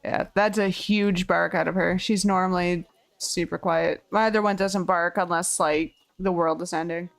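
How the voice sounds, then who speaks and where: A woman's voice: lowish voice, fairly even intonation, normal speed, vocal fry. A woman streaming a game, chatting casually with viewers and her pet.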